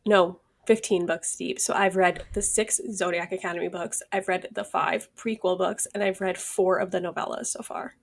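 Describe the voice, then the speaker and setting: A woman co-hosting a podcast in casual chat, animated and dramatic, acting out her own reactions. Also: lowish voice, moderate pace, gravelly, few pauses. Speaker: podcast co-host.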